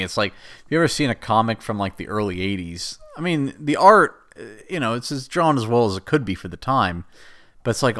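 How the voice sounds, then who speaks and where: A man's voice: medium pitch, a bit bright. A man casually recapping a film, rambling and exasperated and laughing at the plot. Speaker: show host recapping a film.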